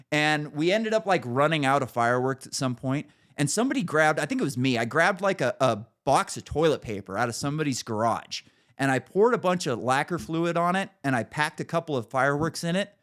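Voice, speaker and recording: A man talks on a podcast in loose, profane chat. His voice sits a little high and jumps around with lively swings of pitch. He leans hard on his points, heated and emphatic. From United States. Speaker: podcast host. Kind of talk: casual podcast rant.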